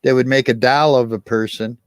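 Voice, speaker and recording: A man's voice: medium pitch, fairly even intonation, a little fast, clean tone, no room sound. A man co-hosting a casual live-stream interview, asking leading questions and explaining at length. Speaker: co-host interviewer.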